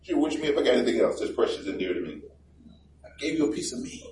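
A man's voice: medium pitch, very animated, rapid-fire, close to an everyday voice. God as a hurt, weary father, exasperated and pleading, as a preacher puts him on. The voice comes from a distance across a big echoey church. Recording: roomy, distant mic with faint background noise.

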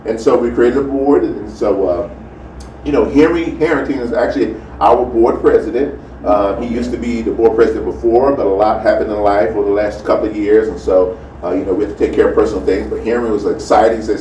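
This easygoing male pastor talks a little fast in a lowish, warm voice, mixing his casual sermon with announcements and a lot of "you know" and "amen." The recording is distant and off-mic, in a roomy hall with faint background noise.

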